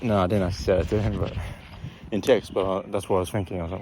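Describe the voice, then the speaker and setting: Young man, lowish voice, rambling storytime vlog, outdoors, faint background noise. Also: steady tone, rapid-fire, creaky, darkish tone. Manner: rambling, many fillers and restarts. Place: outdoors in a park.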